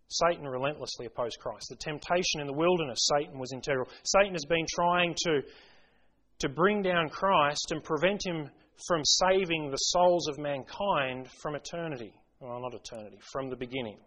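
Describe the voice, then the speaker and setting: A man's voice: a little high, normal speed, fairly bright tone, rough recording. A man preaching a sermon, earnest and building to impassioned emphasis as he quotes scripture.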